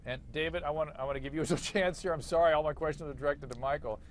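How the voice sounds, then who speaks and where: A man's voice: on the high side, fast, slight background noise. A man hosting an interview, turning to a guest with a searching question. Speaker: host.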